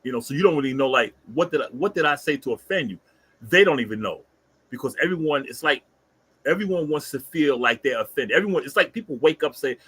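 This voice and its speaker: A man in his fifties with a Bronx New York accent, co-hosting a casual chat and telling stories in an animated way, full of street slang. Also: mid-range voice, fast, slightly rough. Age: 50s. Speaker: co-host.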